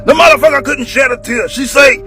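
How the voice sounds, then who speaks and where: Man, comedic ranter: very high, gravelly voice, shouts and sing-songs through a profane tirade. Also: brisk, faint music behind. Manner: loud, shouting, sing-song delivery. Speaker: commentator.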